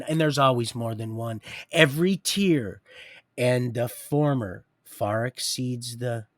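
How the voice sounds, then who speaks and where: An older man hosting a livestream, giving a halting, preachy spiritual monologue that drops to whispers and rises to loud declarations. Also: medium pitch, no room sound, studio quality. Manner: halting, many restarts. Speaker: livestream host.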